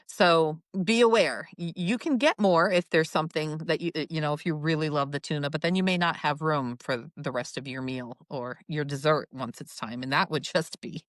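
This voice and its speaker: A woman's voice: low voice, moderate pace, hardly any pauses, no room sound, studio quality. A woman co-hosting a podcast, chatting casually, laughing easily and giving friendly advice. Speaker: podcast co-host. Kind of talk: casual chat.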